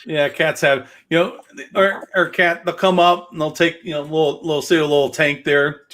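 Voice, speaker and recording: A man's voice: on the high side, steady tone, normal speed, fairly bright tone. A man hosting a casual livestream, rambling with many fillers and jokes. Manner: rambling, filler-heavy, joking. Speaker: host of a livestreamed gaming show.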